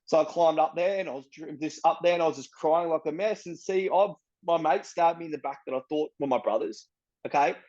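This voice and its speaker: An Australian man being interviewed tells his story in a blunt, candid way, swearing a lot and padding his speech with "bro" and "you know what I mean." His voice sits on the high side with a darkish tone, he talks a little fast, and the highs are cut off.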